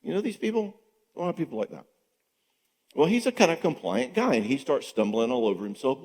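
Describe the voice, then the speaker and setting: Animated man teaching in a reverberant church. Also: fairly high pitch, brisk. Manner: animated, acts out spouses' dialogue. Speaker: marriage conference speaker. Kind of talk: conversational teaching talk. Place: church hall. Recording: long reverb in a church hall.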